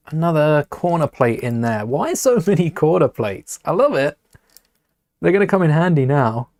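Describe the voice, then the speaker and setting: A man's voice: mid-range voice, darkish tone, no room sound. A man talking casually to a live stream as he builds with LEGO, rambling, muttering to himself and greeting viewers in chat.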